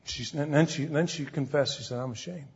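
A man's voice: on the high side, steady tone, a little fast, breathy edge. A man preaching an earnest, folksy sermon, acting out the people he quotes. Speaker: pastor. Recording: dull recording in a hall with long reverb.

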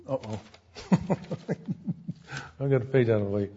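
A man with a low-leaning, mellow voice preaches a sermon at normal speed, telling a story in which he acts out quoted voices before building to fervent exhortation. The recording sounds dull and lo-fi, with slight background noise and long hall reverb.

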